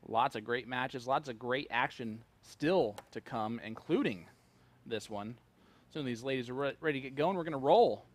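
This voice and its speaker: A man's voice: medium pitch, normal speed. A man commentating live darts, chatty and joking as he reads out player stats.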